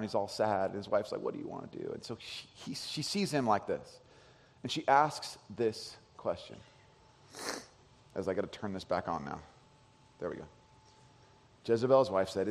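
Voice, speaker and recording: A pastor in his thirties, medium-pitched, preaches in a large church hall where a long reverb trails his words. He tells stories with animation, imitating his son's voice and swinging between loud and soft.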